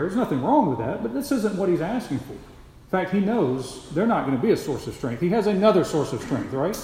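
A man's voice: sits high, a little mellow. A man preaching an expository sermon, emphatic and repeating key phrases for stress. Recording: echoey hall with long reverb.

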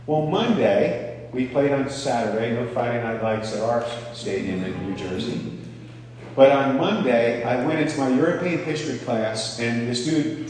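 A man's voice: medium pitch, a little mellow, a little hiss or hum. A man preaching a conversational sermon, often checking in with the audience by asking "okay?". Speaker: pastor. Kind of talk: sermon teaching. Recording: echoey hall from far off.

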